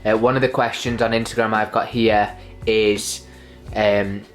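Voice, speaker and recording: A man's voice: lowish voice, level tone, measured pace, faint music behind. A young man, a new father chatting casually and joking on his vlog. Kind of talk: casual chat.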